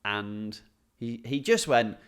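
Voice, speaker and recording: A man's voice: medium pitch, very animated, slow, fairly bright tone, smooth. A male comedian co-hosting a podcast, casually narrating a trip step by step. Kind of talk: casual chat.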